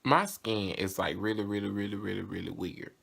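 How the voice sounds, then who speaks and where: A man's voice: lowish voice, fairly quick, vocal fry, fairly bright tone. A young man with a Southern US accent, talking casually and candidly to camera in a vlog. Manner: chatty, candid and sassy. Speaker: vlogger.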